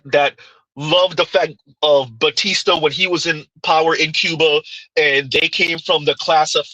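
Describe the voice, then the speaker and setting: A man's voice: fairly high pitch, bright, forceful tone, no echo, low-quality recording. A man giving casual livestream commentary, arguing his point with pointed rhetorical questions and reading chat comments aloud.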